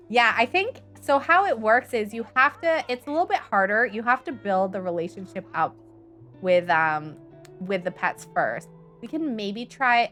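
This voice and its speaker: A woman's voice: medium pitch, a bit bright. A woman chatting casually and rambling on while she livestreams a game and answers viewers' chat. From Canada. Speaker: live streamer.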